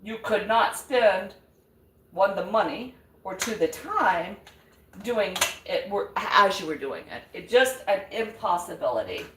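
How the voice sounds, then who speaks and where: A woman's voice: mid-range voice, lively intonation, a little slow, recorded from a distance, a little hiss or hum. An older woman hosting a live vlog, chatting and encouraging viewers as she cooks in her home kitchen. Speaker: vlog host. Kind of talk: live chat while cooking. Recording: echoey room, away from mic.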